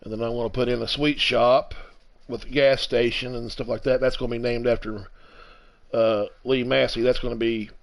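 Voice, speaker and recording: A man in his fifties giving casual, rambling commentary while playing a farming game, with halting restarts. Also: medium pitch, vocal fry, low-quality recording. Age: 50s. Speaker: let's play streamer.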